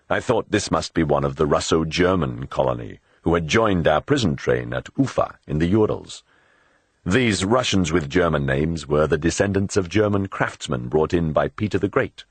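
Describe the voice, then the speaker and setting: Deep husky male audiobook narrator. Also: dry recording. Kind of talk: scripted narration.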